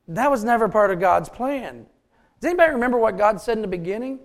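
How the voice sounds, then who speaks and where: A man's voice: high-pitched, animated, fast. A man preaching a sermon, joking with his congregation between points. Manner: folksy, joking asides to the congregation. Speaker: pastor.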